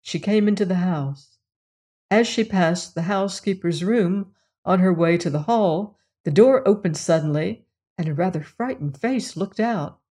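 A woman reading a mystery novel aloud as the host, in a measured, unhurried storytelling manner. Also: lowish voice, dark tone. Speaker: audiobook narrator and host. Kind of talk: scripted narration of a mystery novel.

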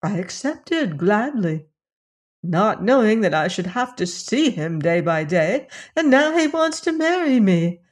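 A woman voicing a gentle, polite young princess in a storybook reading, speaking softly. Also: mid-range voice, sing-song, a little slow. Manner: soft and polite.

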